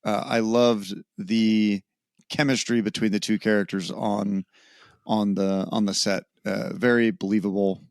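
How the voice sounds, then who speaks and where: A man's voice: fairly low pitch, little pitch movement, measured pace, creaky, clear, resonant tone, no room sound, clean studio sound. Casual rambling male podcast host. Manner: loose, rambling, swears casually. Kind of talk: casual chat.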